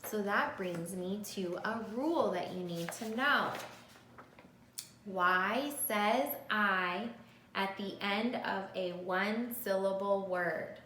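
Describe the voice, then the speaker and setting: A woman teacher leads a phonics lesson for young children, talking slowly and sounding out each letter with patience. Her voice is bright and clear. The recording carries the echo of the room she teaches in, with a faint hum of ambience behind her. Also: medium pitch. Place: classroom or room with a board.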